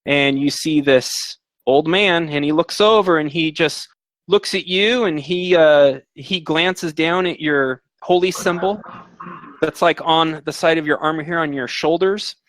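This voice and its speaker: A man's voice: a little high, a little slow, fairly bright tone, no room sound. A man running a tabletop game as game master, rambling with fillers and restarts.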